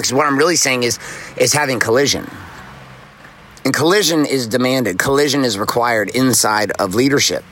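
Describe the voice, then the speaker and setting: A man delivering a motivational monologue as a podcast host. His talk is blunt, profane and fired-up, at an average pitch. There is a faint hum of noise behind him, with what sounds like a vehicle. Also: a bit bright.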